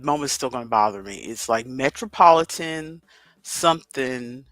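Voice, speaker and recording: This livestream host, a man in his fifties, talks with viewers and reasons out loud as he solves a crossword. His medium-pitched voice is bright and forceful, with vocal fry. A headset with headphones picks him up cleanly, with no room sound.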